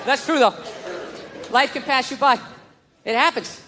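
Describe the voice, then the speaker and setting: A man doing stand-up comedy, ranting and swearing with sudden shouted bursts. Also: extremely high pitch, a little slow, long reverb tail, a crowd in the background, noisy background.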